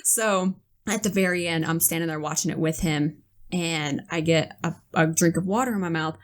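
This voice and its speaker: A woman co-hosting a podcast in casual chat, telling animated stories, acting out quotes and swearing casually. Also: sits low, normal speed. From northern United States. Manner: animated storyteller, acts out quotes, laughs a lot. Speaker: podcast co-host.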